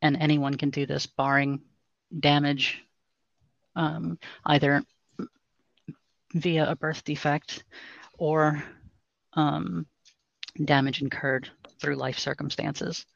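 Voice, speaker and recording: A woman voice coach calmly explaining voice training in a podcast interview, in a measured, instructive way. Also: low-pitched, vocal fry, no echo, highs cut off.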